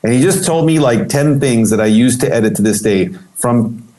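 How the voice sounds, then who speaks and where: A man telling a story in an interview as a guest, animated and acting out the voices he quotes, with many restarts. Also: mid-range voice, normal speed. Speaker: guest photographer.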